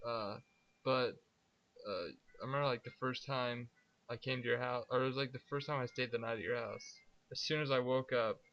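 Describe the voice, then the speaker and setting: A young man chatting casually as a podcast guest, retelling old high school stories with a laugh. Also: steady tone, fairly quick, highs cut off. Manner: laid-back, laughing retelling. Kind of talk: casual chat.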